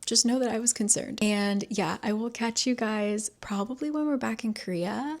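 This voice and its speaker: A woman's voice: medium pitch, darkish tone. A woman vlogger chatting casually, rambling with lots of fillers. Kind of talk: casual chat.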